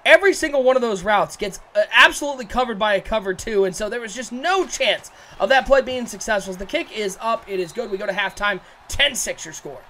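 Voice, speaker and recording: A man doing excitable play-by-play commentary for a video game football broadcast, joking and shouting on big plays. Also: high voice, brisk, few pauses.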